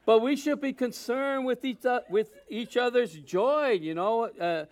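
Male pastor mid-sermon; high, smooth voice; casual preaching that swings between quiet and loud. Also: measured pace. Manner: conversational preaching, swings from soft asides to loud emphasis.

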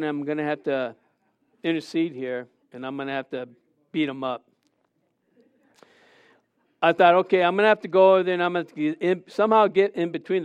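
A man's voice: on the high side, clean tone, no echo. A middle-aged man preaching a sermon, questioning the congregation and acting out stories.

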